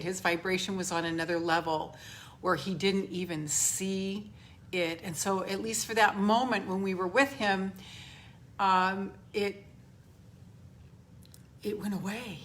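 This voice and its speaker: A woman's voice: mid-range voice, fairly bright tone, slight background noise. A woman hosting a spiritual live stream from home, effusively greeting viewers by name and leading a guided grounding exercise. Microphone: camera she holds or adjusts.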